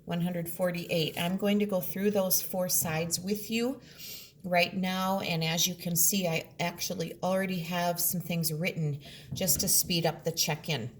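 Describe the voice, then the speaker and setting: A woman's voice: fairly low pitch, fairly even intonation, unhurried, slight background noise. A woman teaching a remote classroom lesson from home, explaining patiently step by step.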